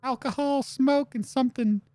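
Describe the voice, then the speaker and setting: Man doing worried otter wife, high girlish voice, pleading. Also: steady tone, normal speed, a little mellow. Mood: anxious. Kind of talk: game dialogue read aloud.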